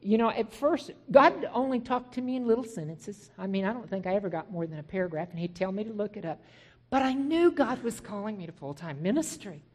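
Lively woman telling her testimony. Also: mid-range voice, a little fast, breathy edge. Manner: animated storytelling, acting out remembered dialogue. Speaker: Christian minister. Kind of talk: personal testimony sermon.

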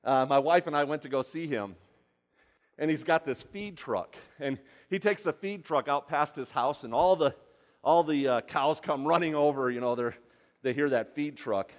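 A man's voice: a little high, moderate pace. A man giving a live cooking demonstration, chatty and rambling, often asking the audience questions. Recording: long hall reverb.

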